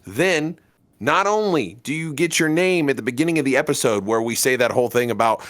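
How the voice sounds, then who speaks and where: A man's voice: medium pitch, expressive, a little fast, a bit bright, no room sound. Jokey man plugging a podcast. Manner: jokey, goofy, slips into put-on voices. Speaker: podcast co-host. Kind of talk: casual podcast banter, Patreon plug.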